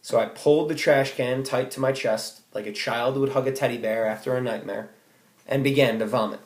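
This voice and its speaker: A man's voice: mid-range voice, steady tone, brisk. Teen boy, student speech, wry storyteller with sudden outbursts; echoey room. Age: teens. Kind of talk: comic personal essay read aloud.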